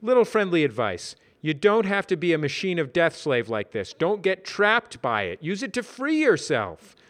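A man's voice: fairly high pitch, sing-song, moderate pace, a bit bright, voice pushed up. A man voicing Brad, a chatty, easygoing heavyset coworker with a casual, folksy way of talking. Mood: advising.

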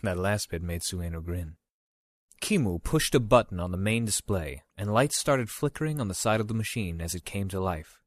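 Man reading an audiobook, low voice, steady measured delivery, dry sound. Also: no room sound. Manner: measured, even storytelling. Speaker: narrator. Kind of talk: audiobook narration.

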